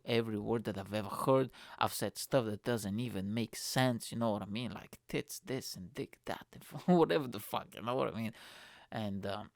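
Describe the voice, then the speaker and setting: A young man hosting a podcast, ranting in a profane, animated, casual comic style. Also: lowish voice, unhurried, creaky, no room sound, clean studio sound. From Bulgaria. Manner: profane, animated, lots of fillers. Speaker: podcast host.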